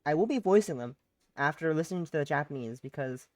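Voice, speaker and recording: A woman's voice: low voice, animated, fast, darkish tone. A woman streamer with a sick voice, chatting casually and playfully with many fillers while playing a visual novel. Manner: rambling, playful, filler-heavy. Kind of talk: casual let's-play chat.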